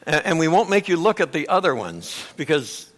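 A middle-aged male pastor delivers a sermon in a bright, forceful voice that sits high for a man. His pitch leaps around as he tells the story, and he swings between loud outbursts and near-hushed asides. The delivery is lively and conversational. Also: normal speed. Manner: animated storytelling, acting out quotes with big swings in volume.

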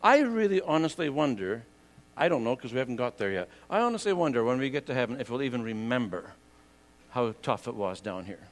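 A man's voice: medium pitch, big pitch swings, a little fast. Earnest older male preacher. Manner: earnest, rising and falling emphasis, conversational asides. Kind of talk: sermon.

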